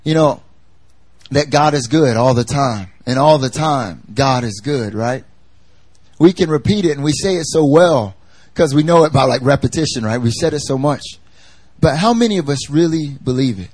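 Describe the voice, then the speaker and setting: A man's voice: medium pitch, expressive, normal speed, a little mellow, husky, no echo. A male pastor giving a conversational sermon in a chatty, emphatic manner, repeating his key phrases for effect. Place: church service.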